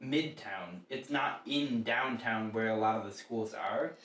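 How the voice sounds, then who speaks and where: A man's voice: lowish voice, unhurried, a bit bright. A young man co-hosting a podcast, chatting casually and rambling with lots of fillers. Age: young adult. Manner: rambling, filler-heavy talk with many "like"s. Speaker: podcast co-host. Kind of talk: casual chat. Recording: echoey room, mic at a distance.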